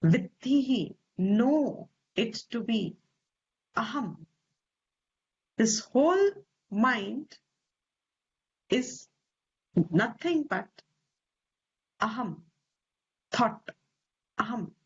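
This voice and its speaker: Slow-spoken Indian woman teaching scripture. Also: on the high side, animated, slightly rough. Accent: Indian English. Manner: slow, deliberate, stresses Sanskrit terms, asks rhetorical questions. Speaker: Vedanta teacher. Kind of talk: slow scriptural class explanation. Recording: slightly dull lo-fi recording.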